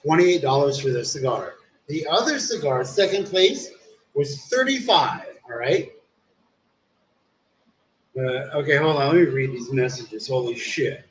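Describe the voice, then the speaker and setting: A man's voice: medium pitch, expressive, a little slow, pauses often. Tipsy man rambling in an echoey room. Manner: rambling, profane, says "dude" a lot. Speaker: live streamer. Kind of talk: casual livestream storytelling. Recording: roomy echo, faint background hum.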